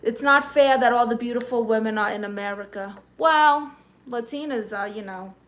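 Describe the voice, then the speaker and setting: A woman's voice: on the high side, moderate pace. A woman from Brooklyn with a New York accent, casually chatting on a live stream and firing sassy comebacks at viewers. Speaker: comedian live-streamer reading chat.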